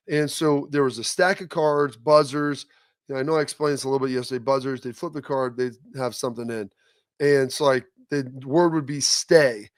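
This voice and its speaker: A man's voice: on the high side, no room sound. Rambling male show host, dry sound. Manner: rambling storyteller with restarts. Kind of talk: casual chat.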